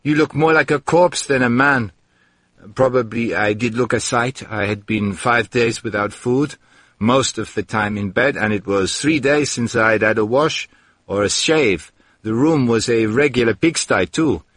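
A man's voice: fairly low pitch, normal speed, fairly bright tone, no room sound. A man reading a first-person story aloud in a dry, wry storytelling manner. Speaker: narrator. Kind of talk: first-person audiobook narration.

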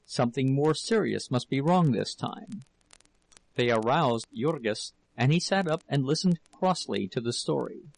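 A man reading a novel aloud as narrator, in a steady, measured storytelling manner with a gravelly voice. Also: mid-range voice, rough recording. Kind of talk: audiobook reading.

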